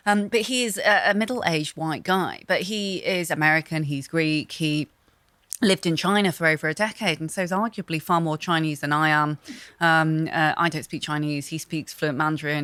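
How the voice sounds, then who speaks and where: A middle-aged woman talking quickly and animatedly as a podcast guest, with lots of fillers and restarts. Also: sits low. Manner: fast, animated talker with many fillers. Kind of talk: casual podcast conversation.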